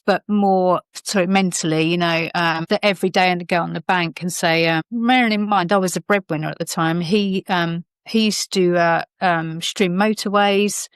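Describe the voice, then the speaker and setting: A woman's voice: lowish voice, steady tone, normal speed, few pauses, clean tone, dry recording. British woman on a podcast, middle-aged, rambly candid storytelling, lots of ums and restarts, dry close sound. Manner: rambling, many fillers and restarts. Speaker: podcast guest, author.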